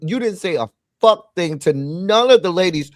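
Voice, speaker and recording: A man with a high voice argues his point with heat and plenty of swearing. His close mic sounds dry, with no room around it. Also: lively intonation, moderate pace, dry recording. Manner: heated, emphatic, profane. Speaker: panelist. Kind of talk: casual panel chat.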